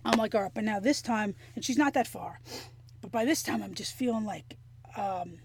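A woman telling a story in casual chat, animated and profane, acting out the things people said. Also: mid-range voice, normal speed, breathy edge, dry recording. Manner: animated, profane, acts out quotes.

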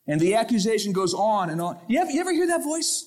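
A man preaching a sermon to his congregation, lively, acting out the voices in his quotes and stories. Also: sits high, fast, hardly any pauses. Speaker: pastor. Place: church sanctuary.

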